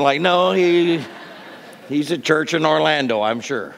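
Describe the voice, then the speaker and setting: A man preaching a sermon with lively, animated delivery that drops to soft near-whispers. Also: a little high, a little slow, gravelly, long reverb tail. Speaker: pastor.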